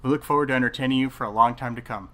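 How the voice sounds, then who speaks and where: Brief: male game master and podcast host, relaxed chatty narration, noisy room. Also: mid-range voice, rapid-fire.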